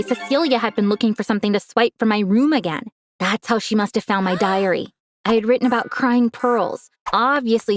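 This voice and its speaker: A young woman telling a dramatic first-person story, gasping now and then for effect. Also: a little high.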